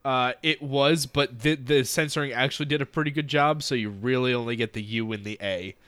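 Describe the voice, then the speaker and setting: A man's voice: mid-range voice, a little fast, fairly bright tone, clean tone, no echo. A man co-hosting a casual podcast, jokey and swearing, laughing while he recaps an anime. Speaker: podcast co-host.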